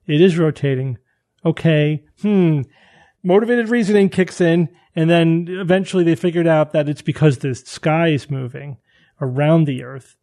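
Mellow-voiced man hosting a podcast. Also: a little high. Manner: chatty, animated, many restarts. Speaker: podcast host. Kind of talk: casual chat, reading listener emails.

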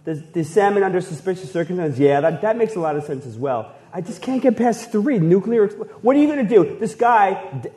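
A man co-hosting a podcast, talking through his picks in an animated, incredulous way with plenty of laughs. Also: high voice, a little fast, few pauses. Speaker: podcast co-host. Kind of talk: casual banter.

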